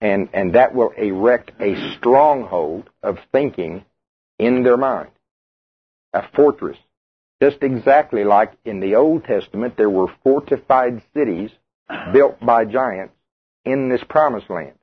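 Husky preacher on tinny radio. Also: male voice, medium pitch, unhurried. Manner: conversational, asks the congregation questions. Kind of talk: sermon.

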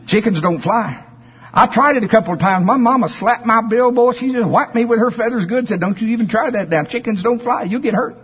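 A man voicing a naive young male chicken who is eager to learn, in a high, excited drawl within a sermon story. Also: brisk, husky, long reverb tail, highs cut off. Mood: fretful.

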